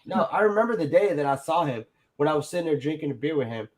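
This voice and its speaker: Man, slightly higher voice, casual storytelling, rambling, lots of "like" and "you know", swears a lot. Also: lively intonation, fast, over a noisy crowd. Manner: acts out other people's lines in quotes. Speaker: guest telling a story.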